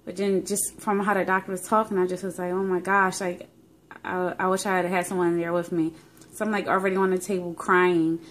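A woman's voice: fairly low pitch, little pitch movement, brisk, a little hiss or hum. Young woman vlogger, talks loosely with fillers and feeling, phone-recorded. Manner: rambling, emotional storytelling with many fillers. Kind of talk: casual pregnancy update vlog.

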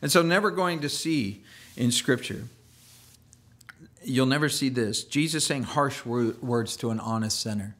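A man's voice: medium pitch, measured pace, a bit bright. A man preaching a sermon as a pastor, in a loose conversational way with restarts and playful asides.

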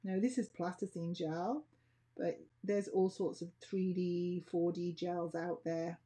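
A woman's voice: lowish voice, fairly even intonation, slow pace, dark tone. A woman teaching a nail art class, chatting casually and thinking aloud as she works. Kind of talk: casual tutorial demonstration.

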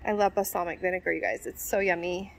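A woman's voice: lowish voice, steady tone, fast, creaky, noisy background. A woman chatting eagerly to viewers as she walks through a large warehouse store, filming on a handheld phone. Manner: gushing, chatty, addresses viewers as "you guys". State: out of breath. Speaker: vlogger. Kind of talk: store walk-through vlog.

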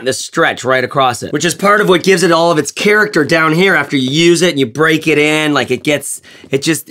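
A man talking casually in a review vlog, rambling and animated, with lots of fillers and jokes. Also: a little high. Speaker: bag reviewer.

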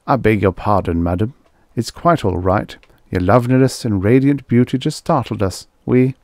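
A man voicing a harried, pleading male garage partner in an audiobook, close to his own low voice. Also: animated, normal speed, a little mellow, no echo. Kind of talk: audiobook character voice.

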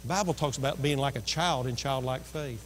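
A man's voice: mid-range voice, brisk, a little hiss or hum. A man preaching a sermon as pastor, telling a story and acting out the voices in it. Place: church sanctuary. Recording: long reverb of a church hall.

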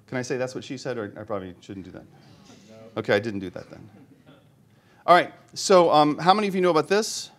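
Speaking before an audience in a conference room, a middle-aged man delivers a chatty, joking technical talk and frequently asks listeners questions. His medium-pitched voice is expressive and fairly bright, fast but with frequent pauses.

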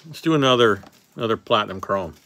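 A man's voice: lowish voice, animated, fast, sharp tone, slight background noise. A man hosting a casual card-opening session, reading off names as he goes and joking offhand with a few swear words. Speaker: card box breaker host.

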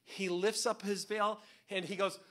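A pastor with a high voice for a man delivers a sermon. He talks in a relaxed, conversational way and cracks jokes. He often slips into acting out what other people say. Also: a little slow. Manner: conversational and joking, acts out quotes.

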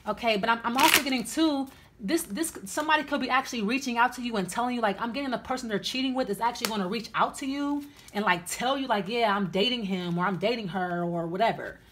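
A woman's voice: a little high, fast, heavy background noise. A woman giving a casual tarot reading, blunt and chatty, with many fillers and restarts. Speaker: tarot reader.

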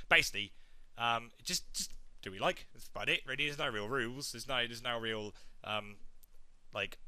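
A young man chatting through a video game playthrough in a jokey, excitable way. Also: medium pitch, no room sound. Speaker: let's play gamer. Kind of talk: casual game commentary.

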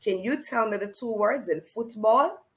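A woman's voice: on the high side, low-quality recording. A woman teaching a children's reading lesson, speaking to the child directly and encouraging them as she spells and counts. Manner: encouraging, slow and sing-song, addressing a child directly.

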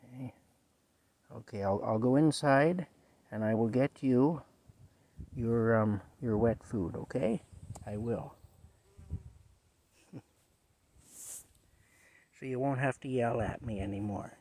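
A man's voice: medium pitch, slow pace, pauses often, a little mellow. A man filming himself outdoors, talking fondly to his cat in baby talk and rambling about his setup. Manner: fond baby talk to a pet, rambling explanations. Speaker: vlogger.

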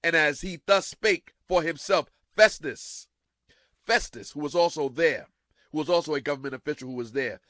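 A man pastor preaching a sermon dramatically, repeating his phrases and swinging from hushed to loud. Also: fairly high pitch, moderate pace, no room sound.

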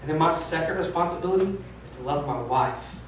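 A man's voice: on the high side, lively intonation, brisk. A pastor in his thirties preaching with candid, emphatic, self-deprecating honesty. His voice rings around a large, echoey church space. He sounds picked up from some distance, with faint room hiss underneath. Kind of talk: sermon. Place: church sanctuary.

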